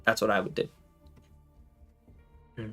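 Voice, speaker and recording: A man's voice: unhurried, pushed and bright, faint music behind. A man chatting casually on a gaming livestream, rambling with lots of fillers and answering viewers. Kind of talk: casual live-stream chat.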